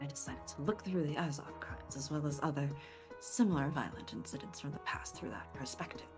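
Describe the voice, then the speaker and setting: A woman voicing a brisk, cheerful male detective with an attempted British accent and a whispery, breathy delivery. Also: sits low, over music, lightly acted. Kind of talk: reading game dialogue aloud.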